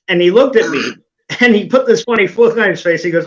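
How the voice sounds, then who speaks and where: A man's voice: high voice, a little fast, a bit bright. Laughing storytelling man on a dull call. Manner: storytelling, laughing at his own anecdote. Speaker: host. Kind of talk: casual group chat. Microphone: online call. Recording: dull lo-fi stream audio.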